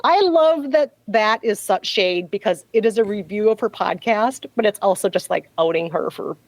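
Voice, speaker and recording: A woman's voice: mid-range voice, lively intonation, moderate pace, no room sound, poor audio. A woman podcast host recounting a story in a wry, gossipy, casual way.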